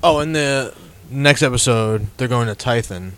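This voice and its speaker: A man's voice: medium pitch, moderate pace, fairly bright tone, smooth. A man in casual chat, casually adding plot details.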